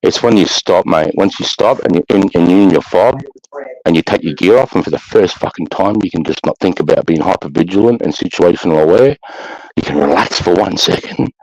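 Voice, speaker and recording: The poor, dry-sounding audio carries a man with a low, darkish voice speaking fairly quickly in an Australian accent. He's a former soldier guesting on a casual podcast, blunt and sweary, full of "mate" and "bro" as he tells war stories.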